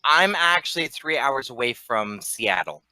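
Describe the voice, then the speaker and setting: A man's voice: medium pitch, a little slow, clean tone, no echo. A man from near Portland, Oregon, chatting casually and joking as a player in a tabletop game. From Pacific Northwest, near Portland, Oregon. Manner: lively, jokey. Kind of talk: casual chat.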